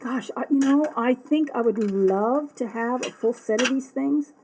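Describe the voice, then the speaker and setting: Fields: Sex: woman. Pitch: very high. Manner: bubbly. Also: measured pace, a little hiss or hum, poor audio. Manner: bubbly, excitable, often apologizing and laughing; reads product text aloud. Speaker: vlogger unboxing an art supply box. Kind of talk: casual unboxing chat.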